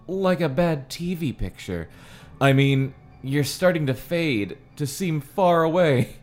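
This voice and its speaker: A man voicing a dazed boy who is fading into invisibility, speaking in a slowed, drawling way. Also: a little high, voice pushed up.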